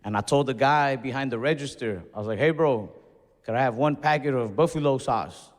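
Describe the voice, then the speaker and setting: Laid-back stand-up comic, reverberant hall. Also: male voice, mid-range voice, fairly quick. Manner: laid-back storytelling, acting out his own outbursts. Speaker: stand-up comedian. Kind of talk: stand-up comedy set. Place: comedy venue, large hall. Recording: live hall reverb, faint crowd ambience.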